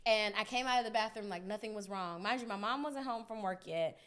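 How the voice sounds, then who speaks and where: A young woman hosting a podcast, telling a story in a casual, animated, profane way, often laughing. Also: mid-range voice, a little fast, clear, resonant tone. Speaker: podcast host.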